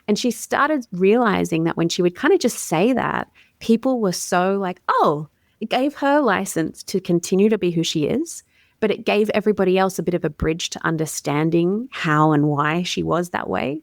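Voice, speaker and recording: An Australian woman explains communication ideas in an easygoing, articulate podcast chat. Her voice sits low with a gravelly edge of fry. The sound is close and dry, with no room around it. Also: expressive, normal speed, no echo. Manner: articulate, warm, explanatory with everyday fillers. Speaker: communications coach, guest. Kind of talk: conversational podcast interview.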